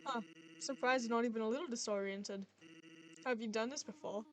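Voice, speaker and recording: A woman's voice: a little high, a little fast, close to an everyday voice. A woman voicing a laid-back male skeleton from a game, speaking in a casual, offhand way.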